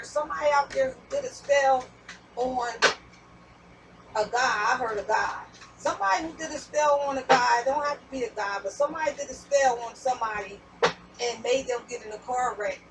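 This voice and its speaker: A woman's voice: fairly high pitch, distant mic, noisy background. A woman giving a casual tarot reading, rambling and repeating herself, with some swearing. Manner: rambling, repetitive, profane. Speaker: tarot reader.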